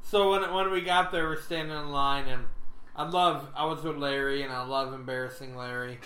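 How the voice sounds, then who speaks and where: A man's voice: mid-range voice, fairly even intonation, moderate pace, sharp tone, slight background noise. Joking man telling a story, echoey room. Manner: joking storyteller, laughs often. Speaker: podcast co-host. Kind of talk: casual chat.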